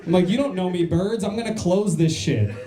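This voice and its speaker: A man's voice: high voice, fairly quick, echoey room. A man from New Jersey doing a stand-up set in a comedy club, crude and self-mocking, riffing with the crowd.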